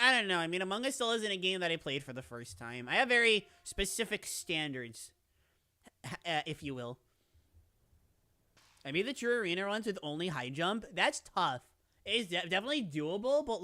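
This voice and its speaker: A man's voice: high voice, sharp tone, clear, resonant tone. A man streaming live in casual chat, rambling playfully with lots of "like" and restarts while he answers viewers.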